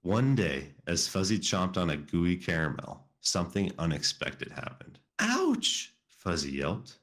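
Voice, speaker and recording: A man's voice: deep voice, normal speed. A man co-hosting a podcast, reading a children's book aloud in a playful, mock-earnest storyteller way. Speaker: podcast co-host.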